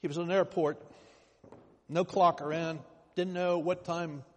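A man's voice: a little high, fairly even intonation, a little slow, a little mellow. Preaching man in a reverberant hall. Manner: storytelling preacher, emphatic swells. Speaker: pastor. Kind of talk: sermon.

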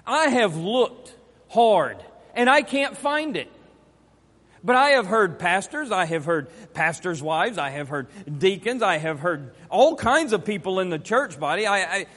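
A man's voice: sits high, very animated, takes it slowly, fairly bright tone. A man preaching a sermon, emphatic and fond of repeating his key phrases. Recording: long hall reverb.

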